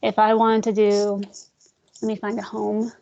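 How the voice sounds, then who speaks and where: A woman leading a screen-share software tutorial for real estate agents, talking casually, calling her listeners "guys" and joking about slow screens. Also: mid-range voice, monotone, vocal fry, lo-fi sound. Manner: chatty, addresses audience as guys, jokes about glitches.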